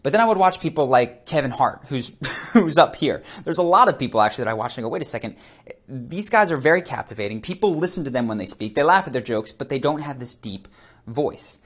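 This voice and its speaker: A man teaching about voice and presence in an animated, conversational way, calling himself a fast speaker. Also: mid-range voice. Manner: animated and conversational, demonstrating voice techniques; self-described fast speaker. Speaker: charisma coach. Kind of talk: instructional talk to camera.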